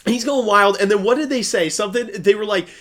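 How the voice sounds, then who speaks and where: A young man co-hosting a podcast, telling convention stories in excited, profane casual chat. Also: high-pitched, fast. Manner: excited, profane storytelling with lively voiced quotes. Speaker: podcast co-host.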